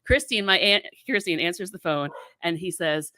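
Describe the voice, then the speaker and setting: A woman from Florida telling a family anecdote in a casual talk, animated and acting out the people in it. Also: on the low side, normal speed, hardly any pauses, no room sound, clean studio sound. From South Florida, US. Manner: animated, acts out voices in her anecdote. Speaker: guest. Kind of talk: casual storytelling.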